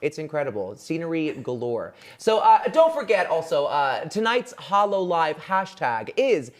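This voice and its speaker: A sassy co-host keeps up playful, campy live-stream banter. The voice sits low but moves in lively swoops. The delivery has a showy sparkle. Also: female voice, normal speed. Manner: sassy, campy, says "baby" a lot. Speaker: co-host of a live online show.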